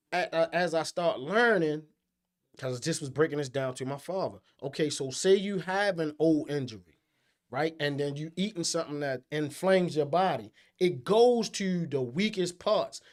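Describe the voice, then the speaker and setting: A man, co-hosting a casual chat, profane and animated with loud outbursts. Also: a little high, moderate pace. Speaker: podcast co-host.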